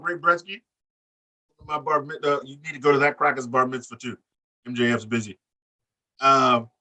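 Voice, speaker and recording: A man on a casual wrestling podcast, talking loud and animated, cursing freely and laughing. His voice is bright and forceful. He sits a little back from the mic. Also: fairly high pitch, distant mic. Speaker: podcast co-host recapping wrestling. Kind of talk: profane casual chat.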